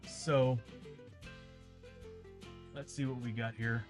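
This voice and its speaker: Guy streaming a board game, rambly and chatty, kinda dry throat, quiet music in the back. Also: medium pitch, little pitch movement, takes it slowly. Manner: rambling, chatty, talks straight to viewers. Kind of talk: casual livestream chat. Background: faint ambient music.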